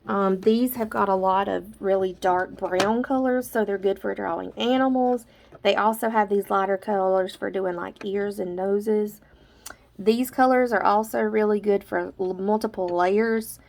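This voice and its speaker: A woman's voice: mid-range voice, steady tone, a little slow, vocal fry, darkish tone. A woman casually showing her drawing supplies in a vlog, chatty and a little out of breath, with lots of filler words. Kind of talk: casual show-and-tell vlog.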